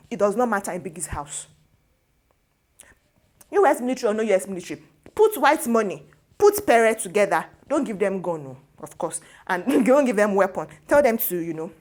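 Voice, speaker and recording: A woman host with a Nigerian accent gives her take in a casual, gossipy commentary. She talks in an animated, opinionated way and drops pidgin words into her sentences. Her voice sits at a middle pitch for a woman and comes through a close lapel mic. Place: studio.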